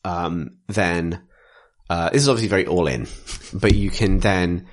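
A man with a very low voice talks through tabletop game rules at length in a casual chat. He rambles, restarts sentences and fills pauses while piling up detail. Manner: rambling, detailed explainer with frequent fillers and restarts.

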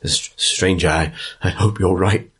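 A man's voice: deep voice, steady tone, a bit bright, husky, exaggerated voice. A man voicing a frantic grieving alchemist. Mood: pleading. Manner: halting, startled pleading. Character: anxious grieving male alchemist.

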